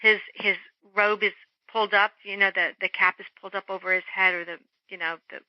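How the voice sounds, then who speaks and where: A middle-aged woman, an interview guest, telling a story in an animated way and acting out the voices of the people in it. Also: mid-range voice, fairly quick, no echo. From Germany. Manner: animated, acts out quoted voices. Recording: dull lo-fi phone-line sound.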